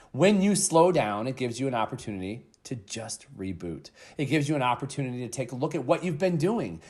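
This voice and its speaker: An energetic man in his thirties talks straight into a podcast mic, his voice sitting at an ordinary middle pitch. He tells stories with emphatic punches and casual fillers, and swears now and then. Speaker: podcast host. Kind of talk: motivational podcast monologue.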